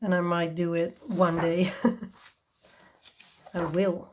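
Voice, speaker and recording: A woman speaks at an unhurried, leisurely pace, presenting coloring books to her viewers. Her talk is casual and enthusiastic, with frequent ums and small laughs between thoughts. She sounds a little tired. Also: fairly low pitch, flat delivery, a little mellow, slight background noise. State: tired and yawning. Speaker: coloring channel host. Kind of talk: casual show-and-tell review.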